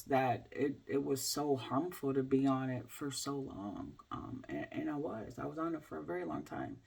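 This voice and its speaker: A woman in her forties, a health coach, telling a candid personal story to camera in a halting way, with many fillers and restarts. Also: very deep voice, vocal fry, breathy edge. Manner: candid, speaks in plain everyday terms.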